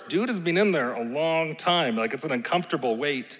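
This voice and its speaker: A man's voice: a little high, fairly quick, hardly any pauses, fairly bright tone. A man preaching a sermon in a conversational, playful way, often checking in with the room. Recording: long reverb in a large hall.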